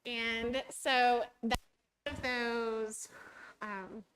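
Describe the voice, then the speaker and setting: A woman's voice: a little high, steady tone, drawn-out words, background noise. A woman teacher giving a chatty training talk, often acting out her students' voices.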